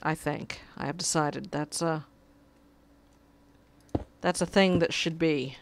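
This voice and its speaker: A woman's voice: low voice, steady tone, slow pace, a little hiss or hum. A woman giving casual gameplay commentary, muttering to herself and pleading with her cat at her desk. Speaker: gamer.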